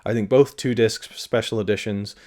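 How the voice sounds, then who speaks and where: Casting: male podcast host, slightly low voice, loose rambling film talk. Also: fairly even intonation, normal speed, a little mellow. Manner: rambling, lots of fillers and restarts. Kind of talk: casual solo commentary.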